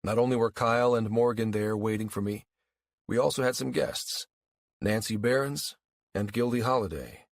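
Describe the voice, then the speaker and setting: A man narrating a first-person audiobook in a weary, wry, even-paced storytelling manner. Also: mid-range voice, normal speed, gravelly, no room sound, studio quality.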